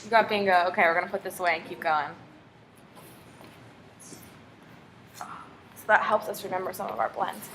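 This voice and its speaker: A woman's voice: on the low side, fairly even intonation, normal speed, pauses often, a bit bright, a little hiss or hum. Patient woman teacher prompting a pupil. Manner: patient, encouraging, full of prompting questions. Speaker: reading teacher. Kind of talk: one-on-one phonics tutoring.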